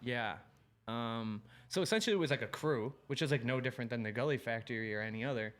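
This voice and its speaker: Fast-talking and a bit bright at medium pitch, this thirty-something pro BMX rider from Illinois is a podcast guest. He keeps it casual, swears heavily, and tells laid-back stories that replay back-and-forth exchanges.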